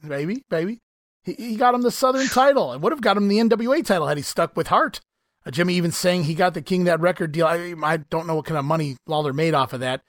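Man, podcast host, animated, laughs often, slightly higher voice, dry close sound. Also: quick pace, dry recording. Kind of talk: casual podcast commentary.

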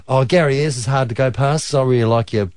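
A man's voice: mid-range voice, quick pace, a little mellow, smooth, no echo. An Australian man, a guest on a talk show, telling a laughing anecdote in casual chat.

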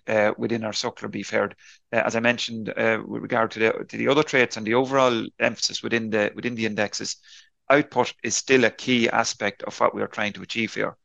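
A man answering interview questions on a podcast, explaining at length in a halting way with frequent restarts and fillers. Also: medium pitch, creaky, fairly bright tone, no echo, dull audio. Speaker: beef enterprise leader answering interview questions.

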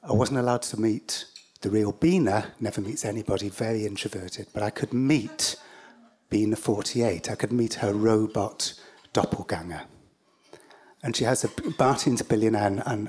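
A man's voice: on the low side, a little mellow, breathy edge. A man with an English accent telling a personal story live, in a wry, rambling way full of asides and fillers.

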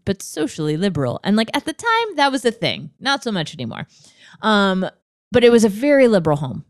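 A woman's voice: medium pitch, no room sound, studio quality. A woman in her twenties hosting a podcast, telling a personal story in an earnest, open way. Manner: earnest and open, emotional at times. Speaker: podcast host.

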